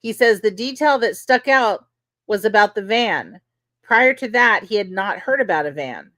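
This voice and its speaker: A woman retelling court testimony in a loose, chatty way, often using "like" and "you know" as she goes. Her voice sits at a medium pitch and sounds dry and close, with no room echo. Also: lively intonation, normal speed, a bit bright. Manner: conversational, many fillers like "you know". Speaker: podcast host. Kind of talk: casual recap of trial testimony.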